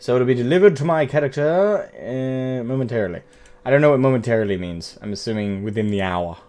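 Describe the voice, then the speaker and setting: A man's voice: mid-range voice, brisk, warm tone. A man streaming a game, chatting casually in a rambling, profane way, often correcting himself. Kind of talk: casual live-stream chat.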